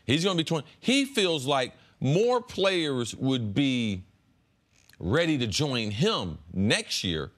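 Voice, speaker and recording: A man talks sports in a casual debate. His pitch swings widely as he explains himself, with a lively, easygoing manner. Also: slow. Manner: lively, wide-ranging pitch, laughs easily. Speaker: sports talk show co-host.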